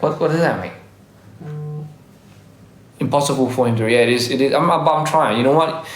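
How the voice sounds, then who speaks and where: A man's voice: on the high side, normal speed, reverberant, faint music behind. A young man with a faded Australian accent, chatting casually on a livestream while reading comments and often correcting himself. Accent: Australian, worn down by years in Korea and America. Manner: rambling, self-correcting, laughs often. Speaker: livestream host. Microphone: phone livestream mic.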